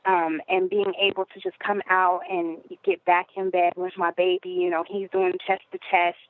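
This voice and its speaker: A woman's voice: lowish voice, little pitch movement, moderate pace. A woman as a podcast guest, telling a personal story in a rambling, conversational way with many fillers. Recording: phone-like narrow audio.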